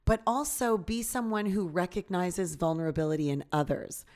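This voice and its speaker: Low-voiced woman co-hosting a chatty podcast. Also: expressive, moderate pace, a little mellow. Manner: laughs easily, musing and reassuring. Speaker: podcast co-host. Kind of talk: casual podcast conversation.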